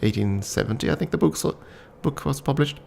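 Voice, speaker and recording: A man's voice: mid-range voice, expressive, fairly quick, vocal fry, dark tone, a little hiss or hum. A man casually commenting on a story game and reading its text aloud, thinking aloud with frequent ums. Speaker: game streamer.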